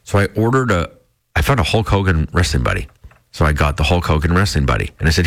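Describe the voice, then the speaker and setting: A deep-voiced, middle-aged man hosting a morning radio show. He talks casually and with a lot of swing in his voice, acting out the lines he quotes. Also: fast talker. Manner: animated storyteller who acts out his own quotes. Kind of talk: casual on-air monologue.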